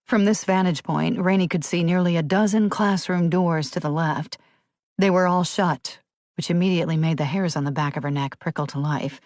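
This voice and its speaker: A woman narrating a thriller audiobook in a measured, even reading. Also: on the low side, no echo, clean studio sound.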